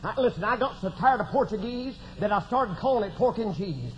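A man preaching a testimony sermon in a folksy manner, breaking into shouted exclamations. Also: high-pitched, expressive, fairly quick. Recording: dull lo-fi recording with faint noise.

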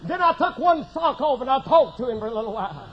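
A man preaching a testimony sermon in a folksy manner, breaking into shouted exclamations. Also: extremely high pitch, sing-song, quick pace. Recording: dull lo-fi recording with faint noise.

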